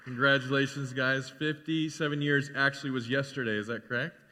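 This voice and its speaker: Casual, bright-voiced male pastor in a reverberant church. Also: mid-range voice, fairly quick, a little hiss or hum. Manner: casual, conversational, with filler words and animated asides. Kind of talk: sermon. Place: church sanctuary.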